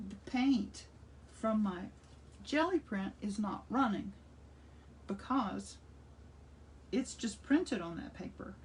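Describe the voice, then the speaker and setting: A woman's voice: medium pitch, darkish tone, recorded from a distance. Chatty older woman demonstrating collage. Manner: chatty and enthusiastic, thinking aloud while working. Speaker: art instructor. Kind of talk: casual craft demonstration. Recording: voice slightly off-mic with faint room noise.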